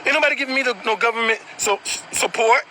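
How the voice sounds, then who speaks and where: A man telling his own story in a blunt, animated way, swearing freely. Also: very high voice, fast, a little hiss or hum, rough recording. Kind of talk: casual storytelling.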